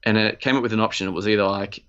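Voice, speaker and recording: A man's voice: on the low side, fairly even intonation, rapid-fire, fairly bright tone, lo-fi sound. A man, co-hosting a podcast in loose, rambling casual chat, swearing freely. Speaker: podcast co-host.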